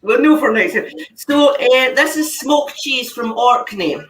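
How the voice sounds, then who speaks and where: Woman, bright voice, chatty tasting host, echoey room, distant mic. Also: sits high, animated, unhurried. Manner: chatty, laughs often, trails off mid-sentence. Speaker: host of an online whisky dinner. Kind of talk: casual tasting demonstration. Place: home, on a video call.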